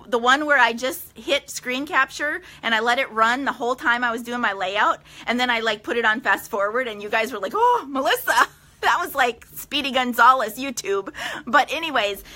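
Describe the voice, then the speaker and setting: Bright-voiced, upbeat woman hosting a live stream. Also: a little high. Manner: chatty, upbeat and enthusiastic. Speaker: quilting studio owner and live stream host. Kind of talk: casual live stream chat. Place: her quilting studio.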